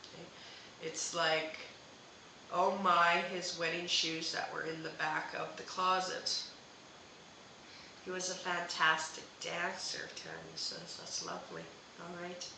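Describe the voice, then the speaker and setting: A woman's voice: lowish voice, little pitch movement, slow, vocal fry, pushed and bright, heavy reverb, a little hiss or hum, low-quality recording. A woman hosting a live psychic reading, talking hesitantly with many fillers and restarts. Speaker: psychic medium host.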